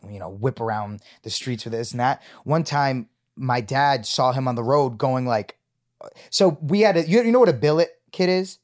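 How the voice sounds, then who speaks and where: Animated young man telling stories. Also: medium pitch, normal speed. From Rhode Island. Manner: animated storyteller, swears freely, laughs often. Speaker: guest. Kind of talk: casual interview chat.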